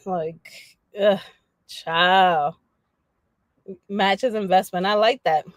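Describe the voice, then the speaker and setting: A woman chatting casually on a livestream, animated and slangy, laughing often as she talks to her viewers. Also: mid-range voice, drawn-out words, pauses often, dry recording. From Dominican family background. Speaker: livestream host.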